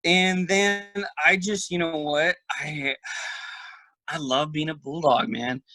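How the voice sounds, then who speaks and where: A man, a guest in a casual interview over a video call, telling animated stories and laughing often. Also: fairly high pitch, slow, no room sound, rough recording. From Texas. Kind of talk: casual storytelling chat.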